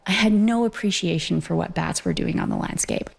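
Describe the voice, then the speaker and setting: A woman rancher answers interview questions in a low, gravelly voice. She speaks earnestly, her words sounding heartfelt. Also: brisk.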